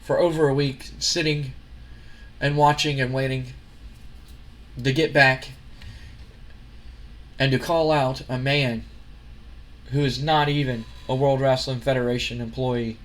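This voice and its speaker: A man voicing a furious older male wrestling company boss who demands revenge and shouts threats. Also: medium pitch, steady tone, unhurried, long pauses, lightly acted. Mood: angry.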